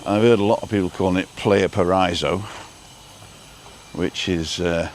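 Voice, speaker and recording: A man's voice: sits low, steady tone, a little fast, a little mellow, a little hiss or hum. A man chatting casually while driving and filming, reading out viewer comments with a dry, joking manner. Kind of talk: casual live-stream chat while driving. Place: inside a car.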